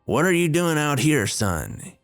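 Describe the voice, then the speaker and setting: A man voicing a kind but stern fishing guide in his forties, with a Southern Florida accent and a gruff, fatherly, folksy way of talking. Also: fairly high pitch, wildly swooping pitch, measured pace, a bit bright, soft background music, voice pushed up, exaggerated voice. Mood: scolding. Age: 40s.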